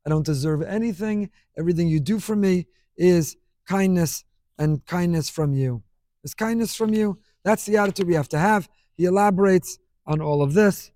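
High-voiced man teaching a Torah class. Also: a little mellow, no echo, studio quality. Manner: emphatic, repeats key phrases, mixes in Hebrew terms. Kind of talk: Torah lecture.

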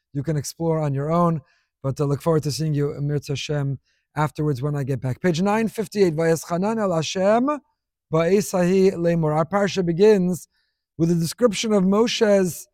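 High-voiced rabbi giving a dry, close lesson. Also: male voice, darkish tone, no room sound. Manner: emphatic, piles up repeated phrases. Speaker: rabbi teaching a weekly class. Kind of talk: Torah lesson.

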